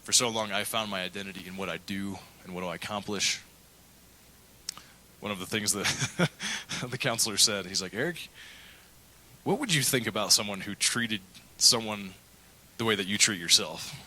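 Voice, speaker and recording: A man's voice: lowish voice, moderate pace, sharp tone, poor audio. A middle-aged male pastor preaching a sermon, telling a candid personal story and acting out the quotes. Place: church.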